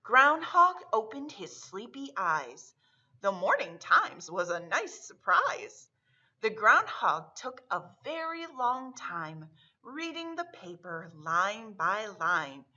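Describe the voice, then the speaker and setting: A woman's voice: medium pitch, big pitch swings, dull audio. A woman librarian reading a picture book aloud and leading a storytime for children. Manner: warm, slow, sing-song delivery for kids.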